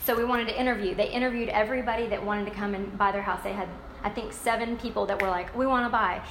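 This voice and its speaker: A woman recaps a book casually, gushing with enthusiasm as she retells the story. Her voice is medium-pitched, steady and fairly bright, and she talks fast. The room adds an echo and faint ambient noise.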